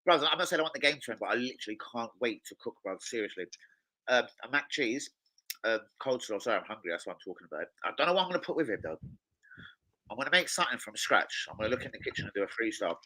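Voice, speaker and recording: A man's voice: medium pitch, very fast, rough recording. A man hosting a football watch-along, rambling and swearing freely in casual chat. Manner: rambling, excitable, swears a lot. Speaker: chef.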